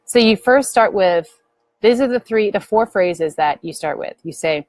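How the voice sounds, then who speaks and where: A middle-aged woman speaking earnestly to viewers as a spiritual teacher, gently guiding them through a prayer practice. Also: medium pitch, animated, unhurried, dry recording, rough recording. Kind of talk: earnest spiritual talk to camera.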